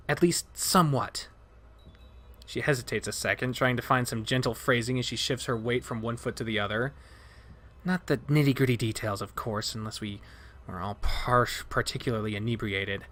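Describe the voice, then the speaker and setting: A man reading a visual novel aloud as its narrator, expressive and dramatic, breaking off for his own asides. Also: medium pitch, a little slow.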